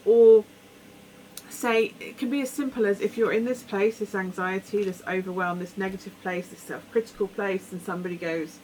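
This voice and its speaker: A woman's voice: medium pitch, fairly even intonation, normal speed, a little mellow, a little hiss or hum, low-quality recording. A woman giving a rambling, earnest tarot reading, often acting out imagined conversations. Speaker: tarot reader. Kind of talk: weekly tarot reading, casual advice.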